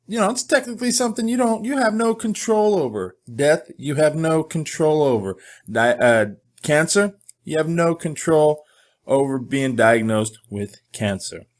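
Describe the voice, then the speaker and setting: Middle-aged male host, casual monologue, candid and joking, mid pitch. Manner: candid, joking, animated storytelling.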